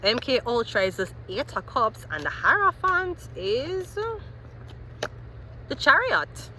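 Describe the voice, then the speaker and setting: A woman giving a rambling, animated tarot reading, thinking aloud as she turns cards. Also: a little high, slow, a little hiss or hum. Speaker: tarot reader.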